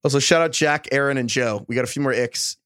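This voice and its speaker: A man hosting a podcast in casual chat, playful and quick to laugh. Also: mid-range voice, fairly bright tone, smooth, no echo, studio quality. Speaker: podcast host.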